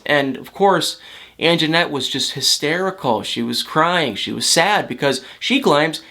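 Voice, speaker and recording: Man, slightly high voice, casual reality TV recap vlog, chatty, emotional, lots of fillers. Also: lively intonation, measured pace, bright, forceful tone. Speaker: reality TV commentator.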